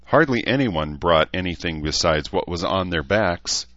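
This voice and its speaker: A man narrating an audiobook in a measured storytelling manner. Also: deep voice, expressive, fairly bright tone, no room sound. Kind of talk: scripted narration. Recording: dull, dry studio read.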